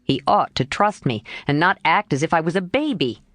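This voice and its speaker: A woman's voice: sits low, lively intonation, brisk, fairly bright tone, no echo. A woman voicing a proud, sulky teenage boy. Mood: indignant. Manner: indignant, sulky growl.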